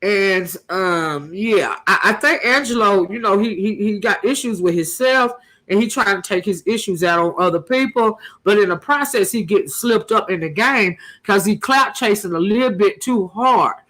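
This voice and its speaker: A woman's voice: medium pitch, normal speed, fairly bright tone. A woman hosting a casual gossip commentary channel, sassy and emphatic, firing rhetorical questions at her viewers.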